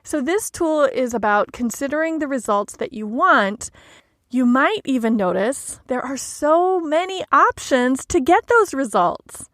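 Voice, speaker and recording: A woman hosting a solo coaching podcast, talking in a gentle, measured, reflective way. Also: sits high, no echo, clean studio sound. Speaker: life coach podcast host.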